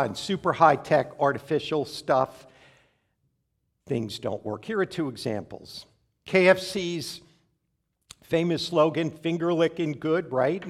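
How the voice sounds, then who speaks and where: A male preacher with a slightly high voice tells a funny story from the pulpit. He speaks in a wry, conversational way, full of playful asides, and his tone stays relaxed and friendly. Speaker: pastor. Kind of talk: sermon with humorous storytelling.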